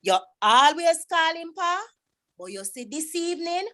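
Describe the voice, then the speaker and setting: Woman putting on a Jamaican mother, exasperated, scolding, higher pitched, dialect poem recitation. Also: sing-song, unhurried, exaggerated voice. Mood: mocking. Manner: sharp, reproachful dialect recitation.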